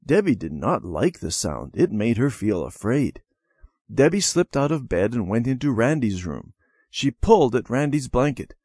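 A man narrating a children's storybook in an expressive read-aloud manner. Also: mid-range voice, moderate pace, slightly rough, no echo, studio quality.

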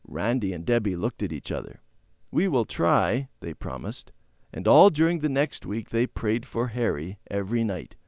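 A man reading a children's Bible story aloud in a gentle, clear storytelling manner. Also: fairly low pitch, very animated, moderate pace, no echo, clean studio sound.

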